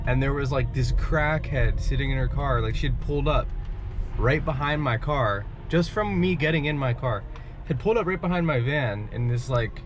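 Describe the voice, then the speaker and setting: A young man vlogging casually from his car, rambling and swearing with self-mocking asides. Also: a little high. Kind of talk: casual vlog to camera. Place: in a car, driving. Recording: loud car and road noise.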